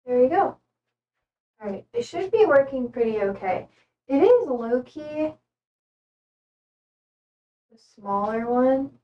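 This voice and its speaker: A young woman with a high, very animated voice chats casually on a live stream, rambling emotionally and often on the verge of tears as she tries not to cry. She speaks slowly with frequent pauses, from some distance to the mic, and the high frequencies are cut off.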